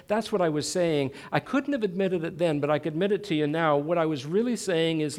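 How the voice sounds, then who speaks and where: High-voiced middle-aged preacher. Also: male voice, quick pace, few pauses, a little mellow. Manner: self-mocking, dramatizes quoted dialogue. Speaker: Christian speaker. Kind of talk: personal storytelling sermon.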